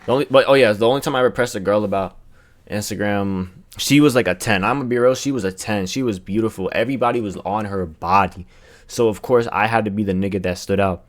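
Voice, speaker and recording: A man's voice: fairly low pitch, fast talker. A young man streaming, telling rambling, slangy, profane stories in casual chat.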